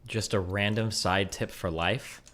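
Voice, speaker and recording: A man's voice: fairly low pitch, fairly even intonation, unhurried, a bit bright. A man who is a parent, giving earnest, lecturing advice in casual commentary.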